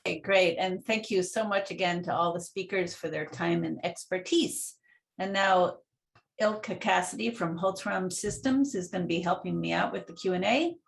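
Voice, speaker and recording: A woman's voice: fairly low pitch, moderate pace, vocal fry. A woman hosting a webinar, thanking speakers and handing off briefly to the next part. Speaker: webinar host. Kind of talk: hosting transitions.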